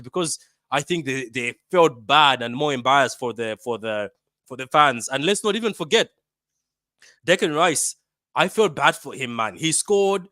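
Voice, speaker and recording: Animated bantering man, from Africa. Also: medium pitch, no echo, clean studio sound. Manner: animated, bantering, repeats himself. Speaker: football fan channel host. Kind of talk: casual match reaction.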